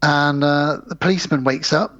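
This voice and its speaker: A man's voice: a little high, moderate pace, a bit bright, highs cut off. A man co-hosting a podcast, retelling a film scene by scene in casual chat and acting out the characters' lines. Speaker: podcast co-host.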